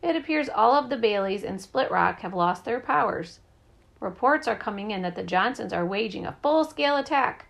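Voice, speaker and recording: A woman voicing an earnest, stubborn superhero father who speaks gravely and booms his declarations. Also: animated, normal speed. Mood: determined. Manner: grave, declaring, booming at times.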